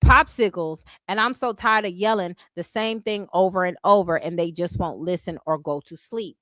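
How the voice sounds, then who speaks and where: A woman's voice: lowish voice, normal speed, fairly bright tone, no echo. A woman hosting a casual reaction stream, giving blunt, sassy commentary full of profanity and mocking asides.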